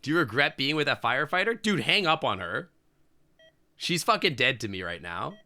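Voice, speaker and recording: A man's voice: mid-range voice, big pitch swings, normal speed, pushed and bright. A man streaming a game, reading its story aloud and reacting with crude, outspoken jokes. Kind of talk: reading a visual novel aloud with live reactions.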